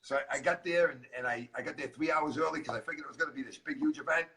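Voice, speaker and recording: Middle-aged man, guest coach, animated storyteller; fast, bright delivery, slightly distant from the mic. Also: a little high. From Massachusetts. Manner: animated storyteller acting out dialogue. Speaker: guest speaker, transformational coach. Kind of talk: storytelling interview chat.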